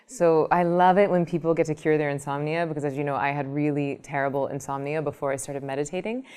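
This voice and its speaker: A woman meditation teacher explaining her ideas in an interview, telling lively everyday examples. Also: deep voice, fast talker, smooth. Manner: animated storytelling, explanatory. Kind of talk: interview answer with acted examples.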